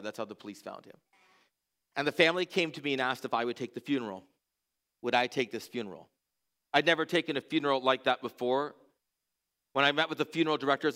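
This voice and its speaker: A pastor preaches to his church, his voice bright and forward. He tells stories earnestly and lets his voice sink low and quiet when a moment turns tender. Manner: earnest, drops to a hushed voice at emotional moments. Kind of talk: sermon storytelling.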